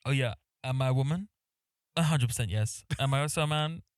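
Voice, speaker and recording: A camp man co-hosts a casual podcast, firing off quick quips and asides. His voice is smooth and resonant, heard dry and close to the mic. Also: mid-range voice, no room sound. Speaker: podcast co-host. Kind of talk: casual chat.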